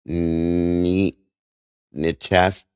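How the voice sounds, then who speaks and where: A man with an extremely deep, low voice hosts a live stream, talking in an emotional, halting way and often restarting his sentences. He greets his viewers one by one by name. The sound is dry and close, with almost no room echo. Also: flat delivery, a little mellow, clean tone. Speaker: livestream host.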